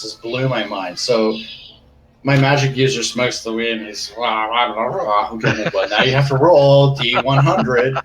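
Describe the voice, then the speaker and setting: A man who runs tabletop games, chatting casually and excitedly with game designers, often rambling and laughing. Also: mid-range voice, echoey room, rough recording. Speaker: game master.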